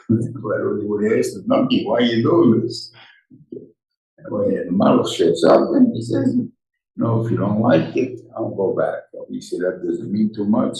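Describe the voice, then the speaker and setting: An older man teaches a Torah class in a gravelly, mellow voice. He talks in a halting, rambling way, full of restarts. He is recorded from a distance in an echoey room. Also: lowish voice. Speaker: rabbi giving a Torah class. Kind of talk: informal Torah lecture. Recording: echoey room, voice far from the mic.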